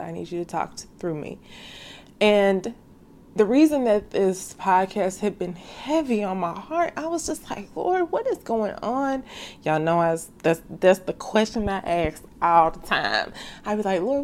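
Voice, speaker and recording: A woman's voice: medium pitch, animated, a little slow, a little mellow. Heartfelt woman hosting a faith podcast. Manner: talks straight to listeners, slangy and heartfelt. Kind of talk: casual devotional podcast monologue.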